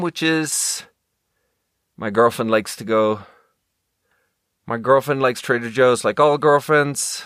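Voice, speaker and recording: A young man hosts a casual talk show as a podcast host reviewing sparkling water, speaking in a mid-range, fairly bright, clean voice at a slow pace with long pauses. The recording is dry and studio quality. His casual monologue is rambling, jokey storytelling full of free swearing.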